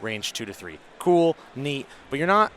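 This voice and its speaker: A man's voice: mid-range voice, sing-song, normal speed, a bit bright, slight background noise. A man commentating a tabletop tournament in a casual, joking way, reading rules and explaining them in detail.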